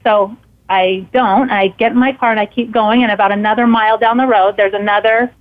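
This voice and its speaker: A woman guest telling a personal story in casual conversation, animated and acting out her own thoughts in quotes. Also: mid-range voice, a little fast. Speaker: podcast guest and author. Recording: tinny phone-like line.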